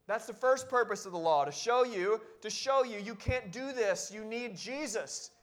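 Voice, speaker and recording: A male pastor with a high voice delivers a sermon. He speaks earnestly and exhorts his listeners, and at times his voice sinks almost to a hush. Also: animated, moderate pace. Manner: earnest and exhorting, with sudden quiet drops.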